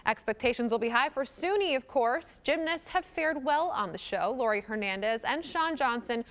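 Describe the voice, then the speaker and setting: A woman co-hosting a morning TV show, upbeat and warm, chatting and reading entertainment news. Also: a little high, lively intonation, normal speed. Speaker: TV co-host.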